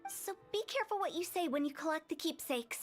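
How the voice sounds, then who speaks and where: A woman's voice: high-pitched, lively intonation, fast. A woman voicing a playful, bossy young female funeral director in a video game, teasing and self-assured. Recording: game audio with faint music.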